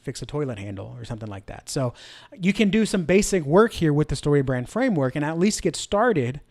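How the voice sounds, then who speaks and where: A man's voice: a little high, very animated, brisk, darkish tone. A middle-aged man hosting a church marketing show, talking energetically to camera with many rhetorical questions. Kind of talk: instructional talk to camera.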